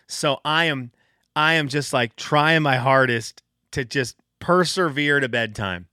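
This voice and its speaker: A man's voice: medium pitch, measured pace, clear, resonant tone, no room sound, studio quality. A man, hosting a casual solo podcast and telling stories animatedly, acting out what his kids say. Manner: animated storytelling, acts out quotes of his kids. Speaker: podcast host.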